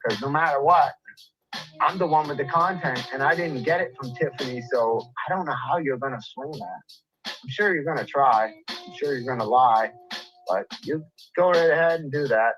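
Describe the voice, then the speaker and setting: An out-of-breath livestreamer pours out an angry, profane rant, circling back to the same jabs again and again. The voice sits at an ordinary middle pitch. Soft music plays faintly underneath. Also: moderate pace, poor audio. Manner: angry, profane, repetitive ranting.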